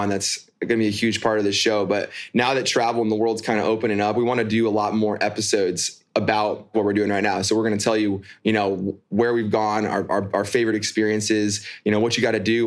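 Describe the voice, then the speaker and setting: Guy cohosting a chatty podcast, laughs a lot, keeps restarting sentences. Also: on the low side. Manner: laughs often, storytelling with restarts. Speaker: podcast co-host. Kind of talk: casual chat. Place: New York.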